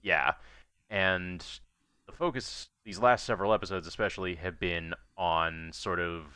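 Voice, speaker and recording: Very deep, bright-toned man on a podcast. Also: steady tone, measured pace, smooth, no echo, studio quality. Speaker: podcast co-host. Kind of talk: casual podcast review chat.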